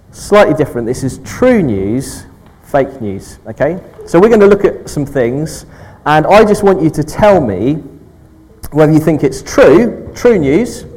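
A man's voice: a little high, a little mellow, poor audio. A man leading an informal all-age church talk, friendly and chatty, often checking in with "okay" and talking with children.

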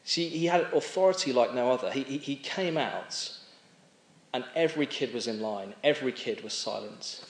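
Male preacher, mid-pitched, chatty and unpolished, with some restarts, roomy echo. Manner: conversational, with frequent restarts and pauses. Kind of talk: sermon. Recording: echoey room.

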